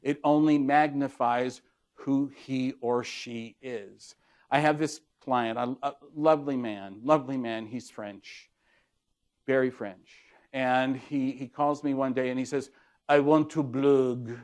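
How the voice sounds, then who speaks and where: A man's voice: medium pitch, steady tone, a little slow. Guy in his 60s doing a keynote, dry funny stories, acts out both sides of conversations. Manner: storytelling with dry humor, acting out dialogue. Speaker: keynote speaker on leadership communication. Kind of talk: anecdotal keynote talk.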